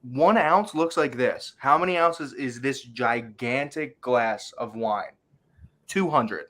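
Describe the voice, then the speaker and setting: A man with a bright, forward voice co-hosting a casual recap chat. He rambles, stops and restarts his thoughts. His pitch is ordinary for a man. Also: takes it slowly. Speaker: podcast co-host.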